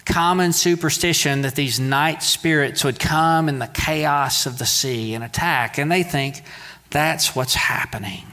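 A man's voice: mid-range voice, bright, forceful tone. A man preaching a sermon in a conversational way, with playful asides. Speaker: pastor. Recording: long hall reverb.

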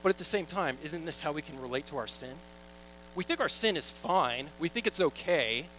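A young man delivers a sermon in a relaxed, conversational way, mixing scripture readings with jokey stories. His voice sits a little high for a man. A faint electrical hum runs under the recording. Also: moderate pace, low-quality recording. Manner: conversational, jokey storytelling with quoted asides. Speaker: pastor.

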